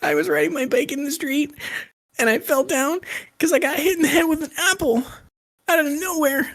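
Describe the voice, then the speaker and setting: A man voicing a hurt little boy in a whiny, high-pitched kid voice. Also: lively intonation, moderate pace, fairly bright tone. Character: hurt little boy who fell off his bike.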